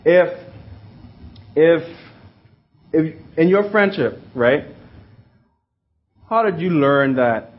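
A man's voice: fairly high pitch, lively intonation, very slow, long pauses. A young man teaching a class, rambling, repeating words and asking the room questions, in a slightly muffled recording. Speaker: youth teacher. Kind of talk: interactive class talk.

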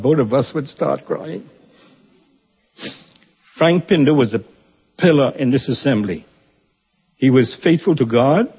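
A man delivers a funeral eulogy in an earnest, reverent way, lightened now and then by gentle humor. His voice is a little husky and sits at an ordinary middle pitch. The recording is muffled and carries a long church-hall echo. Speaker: church member giving a eulogy.

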